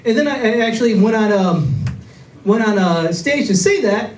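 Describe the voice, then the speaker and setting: A man with a fairly high voice works through a stand-up set, rambling and self-mocking, stumbling over restarts. He is caught from far back in the club, so his voice sounds distant and roomy. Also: expressive, moderate pace, slight background noise. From Illinois. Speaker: stand-up comedian. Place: comedy club stage with a laughing audience. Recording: echoey club audio from a distant camera.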